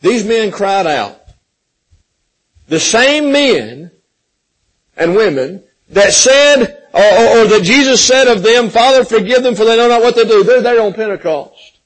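A man preaching a sermon, swinging from loud pleading questions to hushed, gentle passages, calling listeners friends and repeating words as he builds. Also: sits high, lively intonation, a little slow, poor audio. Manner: impassioned, rising and falling between loud pleading and hushed softness.

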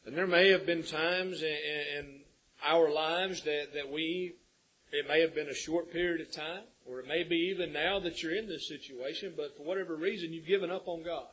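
Husky, earnest preacher man. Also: fairly high pitch, fairly even intonation, normal speed, a bit bright, low-quality recording. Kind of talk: sermon.

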